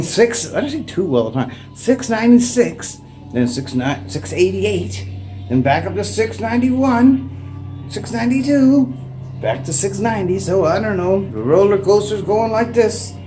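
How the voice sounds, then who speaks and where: A middle-aged man with a Canadian accent, talking casually and unscripted into a propped-up phone at home, rambling with lots of "eh" and "like". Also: high-pitched. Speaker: vlogger. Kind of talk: casual unscripted chat to camera. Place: indoors at home. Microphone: phone propped up facing him.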